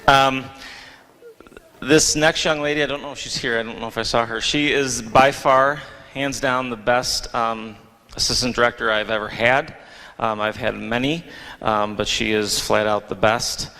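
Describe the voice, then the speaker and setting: A man's voice: mid-range voice, fairly even intonation, moderate pace, pushed and bright. A man, a theater director, giving a casual award speech, joking and hesitant with many ums, recorded in a school auditorium. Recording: long reverb of a large hall.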